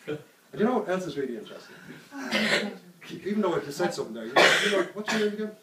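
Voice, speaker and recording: A man's voice: on the high side, sing-song, fast, pushed and bright. Coaxing man hypnotizing someone on the street. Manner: coaxing, repetitive, chuckles at the subject. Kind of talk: hypnotic suggestion patter. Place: outdoors on a street. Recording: roomy, distant mic with faint background noise.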